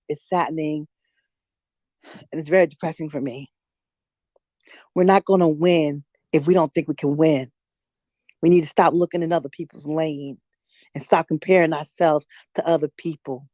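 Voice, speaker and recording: A woman's voice: low-pitched, a little mellow, no echo, muffled recording. A middle-aged woman from New York City, calling into an online audio chat room and ranting with emotion, blunt and profane, stumbling over restarts. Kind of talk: emotional impromptu rant.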